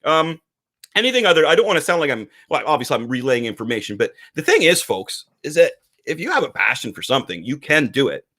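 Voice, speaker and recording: A man's voice: on the high side, very animated, fast talker, bright, forceful tone. A man co-hosting a casual podcast, talking animatedly and acting out quoted voices. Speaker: podcast co-host, comic publisher.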